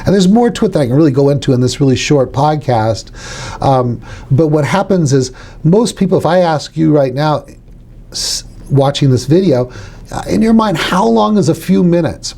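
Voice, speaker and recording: Man, middle-aged, relaxed dark tone, instructional podcast chat, acts out suggestions. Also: a little high, moderate pace. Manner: explanatory, demonstrates suggestions aloud. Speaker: hypnotherapy trainer.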